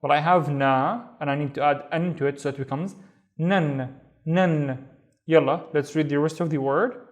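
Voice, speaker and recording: A man's voice: a little high, fairly even intonation, a little fast. A man with a Saudi accent teaching a beginner Arabic reading lesson, patiently sounding out and repeating words. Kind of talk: step-by-step language lesson.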